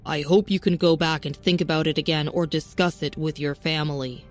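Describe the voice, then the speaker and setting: A worried teacher speaks gently in a noticeably lowered voice, as a woman acts her out. Her advice comes calm and kind. Soft music lies faintly under it. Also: fairly quick, natural voice. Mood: concerned.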